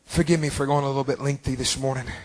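A man preaching a sermon fervently, with long drawn-out phrases. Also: mid-range voice, steady tone.

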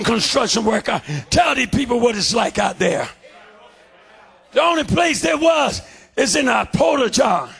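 A man preaching a fervent revival sermon in a church, shouting in a steady preacherly cadence. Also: very high-pitched, vocal fry. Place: church sanctuary.

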